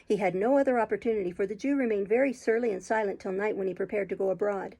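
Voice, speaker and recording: Gravelly-voiced woman reading a story aloud. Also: medium pitch, rough recording. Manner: steady, measured storytelling. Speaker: audiobook reader, channel host. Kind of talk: audiobook reading.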